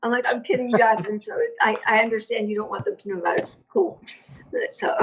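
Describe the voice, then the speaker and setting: A woman's voice: medium pitch, animated, a little fast, slightly rough. A woman as a podcast guest, telling stories in a chatty way with lots of "like" and restarts. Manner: chatty, storytelling with many fillers. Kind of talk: casual interview chat. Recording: dull lo-fi audio.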